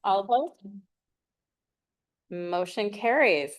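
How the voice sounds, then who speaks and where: A woman chairs a city council meeting as mayor. She calls for motions and votes in a brisk, procedural way, with a mid-range voice. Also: medium pitch, sing-song, poor audio. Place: city council meeting over video call.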